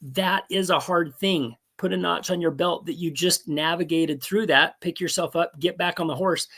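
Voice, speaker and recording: A man's voice: on the high side, steady tone, moderate pace, fairly bright tone. A man in his seventies, speaking as a guest on a video call in an earnest, folksy, encouraging way. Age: 70s. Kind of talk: casual motivational talk.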